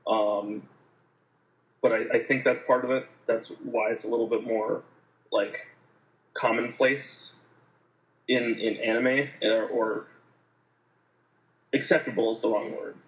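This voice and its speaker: Podcast co-host, mid-pitched male voice, hesitant delivery, echoey room. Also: steady tone, slow, pauses often. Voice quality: hesitant, many fillers and restarts. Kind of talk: casual chat.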